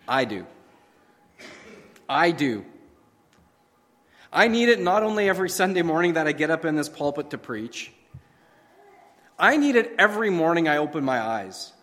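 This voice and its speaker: A man's voice: sits high, lively intonation, a little fast, a bit bright. A man preaching a sermon from the pulpit, emphatic and full of rhetorical questions and repetition. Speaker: pastor. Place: church sanctuary. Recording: long hall reverb.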